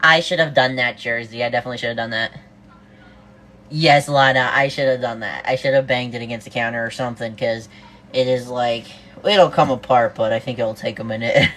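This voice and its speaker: A woman's voice: very deep voice, fairly even intonation, brisk, a bit bright, slight background noise. A woman from the US East Coast on a cooking livestream, bubbly, greeting viewers one after another and saying "oh my God" a lot. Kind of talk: casual livestream chat.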